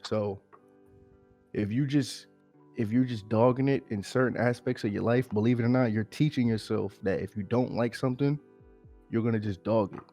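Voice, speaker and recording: A man co-hosting a podcast in casual motivational chat, sick and pausing to catch his breath. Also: mid-range voice, warm tone, faint music behind. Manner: pausing to catch breath, frequent "you feel me". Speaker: podcast co-host.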